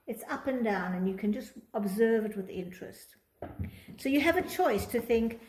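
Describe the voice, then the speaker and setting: A woman's voice: medium pitch, lively intonation, moderate pace, darkish tone. A woman teaching a Torah psychology class, reading from a text and explaining it, acting out quoted thoughts in different tones. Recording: echoey room.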